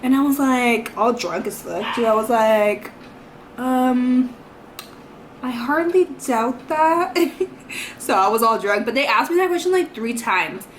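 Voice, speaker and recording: A woman's voice: on the high side, lively intonation, normal speed, hardly any pauses, a bit bright, a little hiss or hum. Chatty young woman telling a story. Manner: chatty, rambling, heavy use of "like" and "you know". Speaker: vlogger. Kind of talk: casual storytime vlog.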